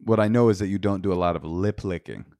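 A man's voice: low voice, fast talker, dark tone, dry recording. A man co-hosting a podcast, bantering in a crude, teasing, joking way. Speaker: podcast co-host. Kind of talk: casual banter.

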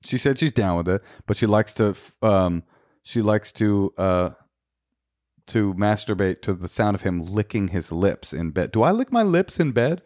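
A man's voice: fairly low pitch, animated, normal speed, darkish tone, dry recording, clean studio sound. A man co-hosting a podcast, bantering in a crude, teasing, joking way. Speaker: podcast co-host. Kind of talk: casual banter.

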